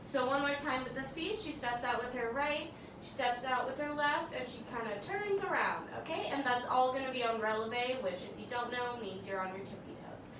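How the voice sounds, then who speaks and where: A woman's voice: high voice, moderate pace, hardly any pauses, far from the mic. A young woman teaching a dance tutorial, upbeat and encouraging as she talks through and counts out the steps. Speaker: dance instructor. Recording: roomy, from off-mic, audible background noise.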